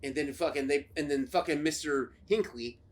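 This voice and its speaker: A man co-hosting a podcast, chatting casually and excitedly about old films, swearing often and acting out scenes in quick put-on voices. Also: a little high. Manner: excited, profane, acts out film scenes in voices. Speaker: podcast co-host. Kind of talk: casual chat.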